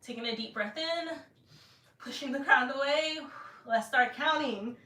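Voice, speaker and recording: High, bright-voiced woman, breathless workout chat, mic set back in an echoey room. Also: measured pace, far from the mic. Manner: chatty, laughing, counts aloud. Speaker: fitness vlogger. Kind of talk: casual workout livestream chat. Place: home room with an exercise mat.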